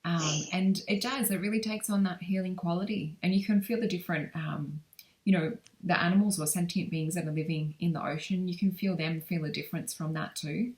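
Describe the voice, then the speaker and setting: A woman's voice: fairly low pitch, brisk, a little mellow. A woman guest, a life coach, agreeing and reflecting in a casual spiritual conversation.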